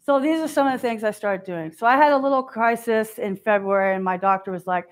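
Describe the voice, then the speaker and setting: A woman's voice: fairly high pitch, fast. A middle-aged woman giving a candid, self-deprecating keynote talk, often acting out what others said to her. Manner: candid, self-deprecating, acts out quoted voices. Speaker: keynote speaker.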